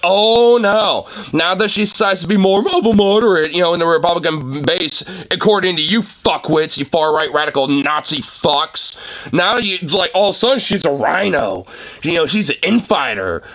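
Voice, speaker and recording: A man's voice: on the high side, sharp tone. A man delivering a profane political rant, rambling through many filler words and breaking into mocking laughter. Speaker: online commentator.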